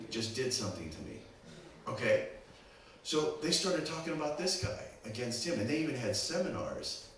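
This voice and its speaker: A man from Pittsburgh with a Pittsburgh accent, a guest preacher telling a story in a sermon and checking in with the congregation often. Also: mid-range voice. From Pittsburgh, USA. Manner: animated, keeps checking in with the audience. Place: church sanctuary. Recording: very echoey church, distant mic, background noise.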